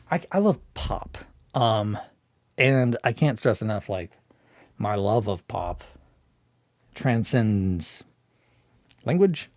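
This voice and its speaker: A man hosting a casual morning chat stream, talking in an excitable, rambling way with many restarts. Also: lowish voice, no echo. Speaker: hobby streamer.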